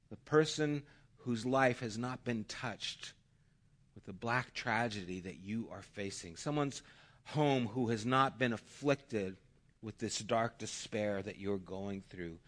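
A man playing a calm old wise hermit. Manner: calm, low, measured.

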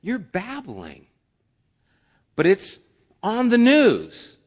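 A man's voice: high-pitched, wildly swooping pitch, extremely slow. Pastor, male, chatty preaching style with quoted asides, echoing church hall. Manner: conversational preaching with acted asides. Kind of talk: sermon. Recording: long hall reverb.

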